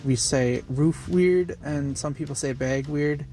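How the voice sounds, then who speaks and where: A man's voice: fairly high pitch, unhurried, mellow. A man with a Wisconsin accent calls in and explains local speech habits with some amusement. Faint guitar music plays under him. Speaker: caller.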